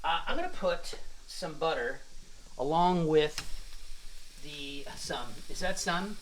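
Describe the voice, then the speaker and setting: Here the cooking-show host speaks slowly in a fairly high voice. A man of Irish family background, he jokes, rambles and chats while demonstrating dishes on a casual live stream.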